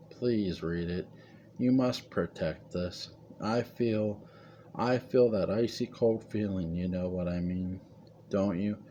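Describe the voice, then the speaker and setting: A man's voice: on the low side, mellow, slight background noise. A man reading the lines of a frightened elderly woman in her eighties, a family matriarch who pleads urgently. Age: 80s.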